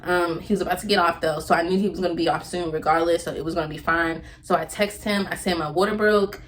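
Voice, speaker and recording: A young woman recounts a personal story to her viewers, her voice on the lower side. She rambles and stops to correct herself, with plenty of ums along the way. A faint noise sits under the recording. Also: fairly even intonation, fast. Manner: rambling, self-correcting, many fillers. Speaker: vlogger.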